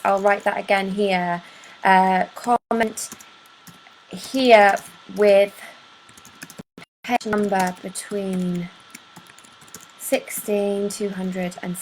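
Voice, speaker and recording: A woman's voice: medium pitch, a little hiss or hum, poor audio. A woman hosting a live stream at home, chatting to viewers by name and reading poems aloud with playful emphasis. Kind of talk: casual chat and poetry reading.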